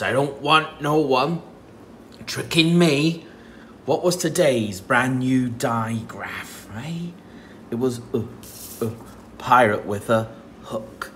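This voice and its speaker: Slow, animated male phonics teacher. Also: medium pitch. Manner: sounds out words slowly, animated, playful. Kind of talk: children's phonics lesson. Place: home. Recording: faint dishwasher hum at home.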